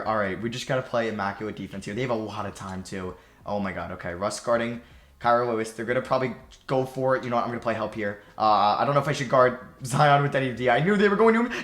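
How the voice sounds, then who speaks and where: A young man giving excited commentary as he plays a basketball video game, sliding from anxious muttering to shouted cheers. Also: medium pitch, fairly quick, echoey room. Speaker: gaming YouTuber.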